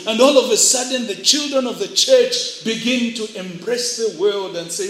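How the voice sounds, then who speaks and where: A man's voice: very high voice, normal speed, hardly any pauses, a bit bright, slight background noise. A man preaching a sermon to young people, acting out voices as he tells stories. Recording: echoey room.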